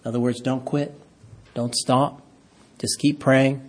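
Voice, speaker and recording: A man preaching a sermon, reading scripture aloud and swinging between hushed, slow phrases and raised, emphatic ones. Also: mid-range voice, little pitch movement. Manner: preaching with dramatic swings from hushed to loud, stretching key phrases.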